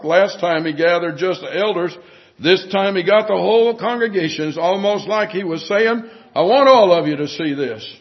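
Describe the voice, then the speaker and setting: A man with a high voice preaches a sermon with emphatic delivery, often sinking to a hush. The recording sounds dull and lo-fi. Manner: emphatic preaching that drops to hushed tones.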